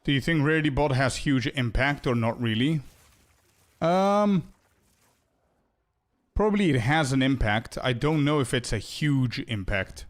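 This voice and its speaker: A man giving casual, relaxed commentary while playing an online game with teammates, thinking aloud as he goes. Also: mid-range voice, a little slow, long pauses. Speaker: game streamer.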